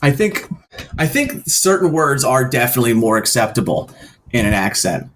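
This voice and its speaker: A man co-hosting a casual podcast, telling stories in an animated way and slipping into voices. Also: mid-range voice, moderate pace, slight background noise. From Philadelphia area. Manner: animated storyteller, does voices in anecdotes. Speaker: podcast co-host. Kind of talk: casual chat.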